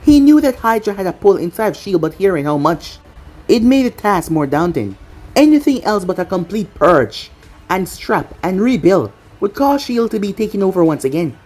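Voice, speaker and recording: A woman narrating a story aloud in a plain, steady reading style. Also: medium pitch, moderate pace. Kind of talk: storybook narration of fan fiction.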